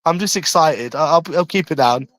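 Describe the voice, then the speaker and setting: A brash man with a London accent rambles through a casual live stream from his room at home, swearing freely. His voice sits somewhat high for a man. The sound is dry and close, with no room echo. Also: normal speed, fairly bright tone.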